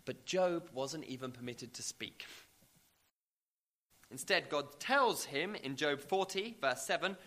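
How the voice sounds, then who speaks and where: Bright-voiced male preacher, emphatic sermon. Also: on the high side, expressive, takes it slowly. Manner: emphatic, builds with rising repeated questions.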